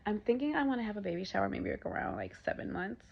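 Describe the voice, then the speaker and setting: A pregnant woman in her thirties chatting casually to camera in a vlog, laughing often and dropping into breathy asides. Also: mid-range voice, sing-song, fast. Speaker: vlogger. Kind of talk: casual chat. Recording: dull lo-fi sound.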